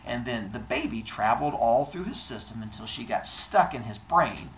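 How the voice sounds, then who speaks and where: A man telling a comic myth in an animated, playful way, hosting his show. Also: medium pitch, moderate pace, a little hiss or hum. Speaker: storyteller host. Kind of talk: comic storytelling. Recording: roomy echo.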